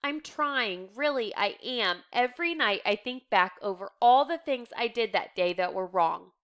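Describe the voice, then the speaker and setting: Upset teenage girl, pleading and earnest, clear voice; a woman reads her. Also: a little high, expressive, a little slow, fairly bright tone. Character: teenage girl, frightened and defiant.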